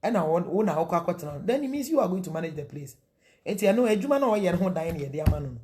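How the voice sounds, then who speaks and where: A woman's voice: lowish voice, sing-song, fast talker, dark tone. A middle-aged woman with a Ghanaian accent, preaching marriage counsel in a sermon, mixing Twi and English and asking rhetorical questions.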